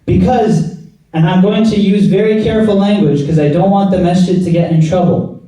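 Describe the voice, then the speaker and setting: A man's voice: high voice, normal speed, warm tone. A man giving a Friday sermon in a mosque, earnest and exhorting, building his points through rhetorical repetition. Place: mosque prayer hall. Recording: echoey hall, mic at a distance.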